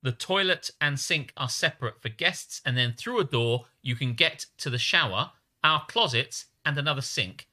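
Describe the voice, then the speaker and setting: Giggly man with a bright voice. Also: mid-range voice, normal speed, few pauses. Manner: giggly, lively, breaks into silly voices. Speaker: podcast co-host. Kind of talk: casual comedic chat and reading posts aloud.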